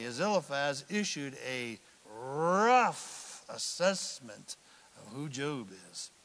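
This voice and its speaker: A man preaching a sermon as pastor, animated, dropping to hushed mock voices for quotes. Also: high-pitched. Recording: long hall reverb.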